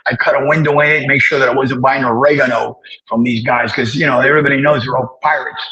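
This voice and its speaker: An older man, an interview guest, telling stories from his past in a casual, animated way and acting out the dialogue. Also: medium pitch, quick pace, highs cut off. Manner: animated storyteller who acts out dialogue.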